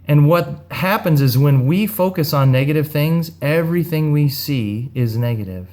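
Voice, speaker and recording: A man ministering in a gentle, earnest, unhurried devotional talk with a story. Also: on the high side.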